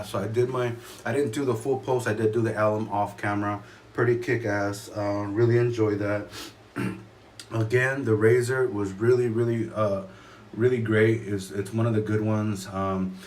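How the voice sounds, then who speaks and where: A man talking casually to camera about his shave in a room at home, rambling and halting with many fillers and restarts. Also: on the low side, slight background noise. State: a little choked up. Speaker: shaving vlogger.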